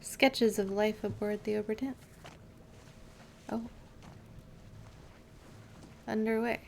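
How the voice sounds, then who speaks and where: A woman streams a game from home and chats casually into a desk mic. She talks at an unhurried pace and wanders off into stories, padding her talk with "like" and "um". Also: mid-range voice, steady tone, creaky, darkish tone, a little hiss or hum. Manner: rambling, filler-heavy storytelling. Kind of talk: casual live game commentary.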